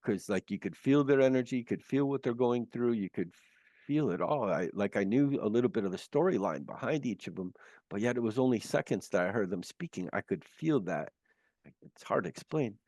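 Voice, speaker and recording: A man recounting his near-death experience as an interview guest, earnest and halting with many restarts, on a video call. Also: mid-range voice, animated, darkish tone, dry recording, studio quality.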